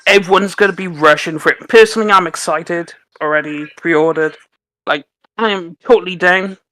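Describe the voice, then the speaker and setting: A man's voice: high-pitched, moderate pace, pushed and bright, no echo. A man from Wales with a Welsh accent on a gaming podcast panel, talking with emphatic enthusiasm. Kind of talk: casual panel chat.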